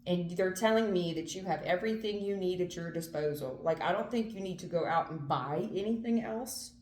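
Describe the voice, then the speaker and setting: A woman's voice: on the low side, fairly quick, a little mellow, echoey room. A woman doing a casual tarot reading, earnest and emphatic, repeating phrases and swearing now and then. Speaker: tarot reader.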